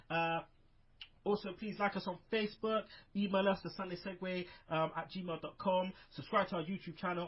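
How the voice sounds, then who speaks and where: A man hosting a casual wrestling podcast, rambling with lots of fillers in an upbeat way, over a muffled online call. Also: high voice. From United Kingdom. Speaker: podcast host.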